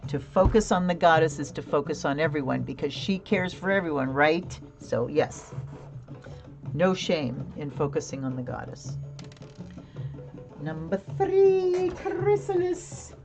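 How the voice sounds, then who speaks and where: A woman's voice: deep voice, moderate pace, creaky, over music. A woman hosting a casual live tarot reading, chatting, laughing often and answering viewer comments. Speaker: tarot reader and livestream host.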